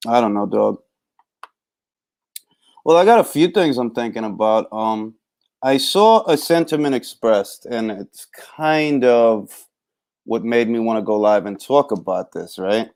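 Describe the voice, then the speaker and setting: A man hosting a live boxing talk stream in casual, laid-back chat, shouting out viewers by name. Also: mid-range voice, animated, unhurried, creaky.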